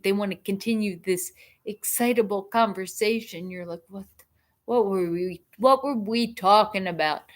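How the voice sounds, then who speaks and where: A middle-aged woman hosting a casual livestream chat, talking in a halting way with many restarts and asides. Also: mid-range voice. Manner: slow, halting, frequent restarts and self-talk. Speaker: livestream host.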